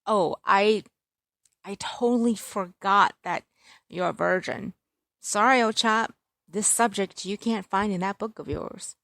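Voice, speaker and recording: A woman's voice: medium pitch, unhurried, vocal fry, fairly bright tone, no room sound, studio quality. A woman voicing a cocky, teasing rich young Englishman in a romance story, playful and mock-dramatic.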